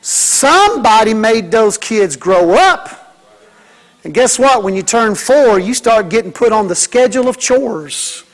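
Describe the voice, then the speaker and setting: A man's voice: sits high, animated, unhurried. A man preaching a sermon as pastor, folksy and joking, mimicking kids and church members.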